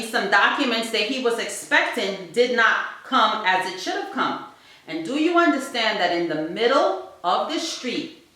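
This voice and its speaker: A woman's voice: fairly high pitch, pushed and bright. A woman giving an emphatic, preachy motivational talk to parents and repeating points for stress. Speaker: family vlogger. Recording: very echoey room.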